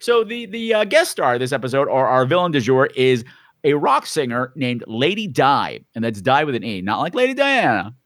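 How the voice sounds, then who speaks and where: A man's voice: mid-range voice, very animated, moderate pace, fairly bright tone, no echo. A man co-hosting a podcast in casual chat, sarcastic and rambling, swearing freely. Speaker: podcast co-host.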